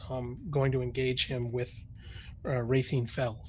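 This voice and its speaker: A man's voice: medium pitch, level tone, unhurried. A man running a tabletop game as game master, narrating with many fillers and restarts.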